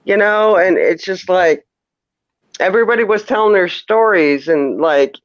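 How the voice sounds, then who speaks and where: A man's voice: high-pitched, unhurried, no room sound. A man calling in to a casual chat show, rambling and flustered, stammering over restarts and swearing often. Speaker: caller. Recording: dull lo-fi call audio.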